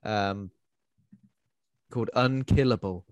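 A man's voice: fairly low pitch, slow pace, no room sound, studio quality. A man co-hosting a casual podcast chat, rambling with fillers. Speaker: podcast co-host.

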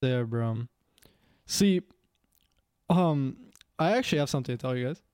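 A man's voice: mid-range voice, animated, moderate pace, darkish tone, clear, resonant tone, no room sound, clean studio sound. A young man chatting casually as a podcast co-host, rambling with frequent restarts and laughter. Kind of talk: casual chat.

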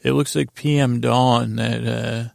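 A man's voice: mid-range voice, fairly even intonation, a little slow, vocal fry, a little mellow, no echo, clean studio sound. A man hosting a podcast, casually recapping a TV episode from his notes, rambling with frequent restarts. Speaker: podcast host.

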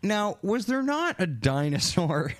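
A man's voice: sits high, big pitch swings, measured pace, no echo, studio quality. A man chatting casually on a podcast, making wry sarcastic asides. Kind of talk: casual chat.

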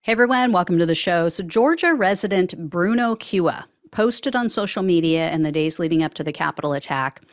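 A woman's voice: fairly low pitch, lively intonation, a little fast, few pauses, dry recording. Wry woman hosting a news show. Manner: wry, sarcastic asides. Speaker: podcast host. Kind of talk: news commentary reading quotes.

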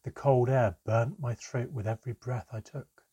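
A man narrating a storybook chapter in a steady, measured reading. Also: medium pitch, slightly rough.

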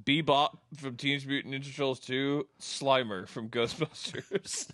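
A man's voice: medium pitch, a little slow, fairly bright tone, dry recording, studio quality. A man hosting a casual chat with friends, reading out nominees and laughing mid-sentence. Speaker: host reading out award nominees.

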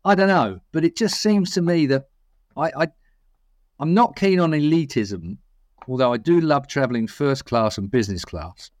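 A man's voice: on the high side, animated, normal speed, no echo, clean studio sound. A middle-aged British man co-hosting a podcast, telling rambling stories and giving strong opinions. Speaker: podcast co-host. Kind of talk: casual chat.

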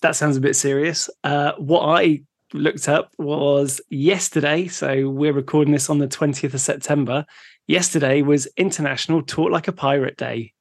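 A man's voice: a little high, fairly even intonation, normal speed, creaky, no echo, studio quality. A man co-hosting a podcast in easygoing casual chat, chatty and laughing along. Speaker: podcast co-host.

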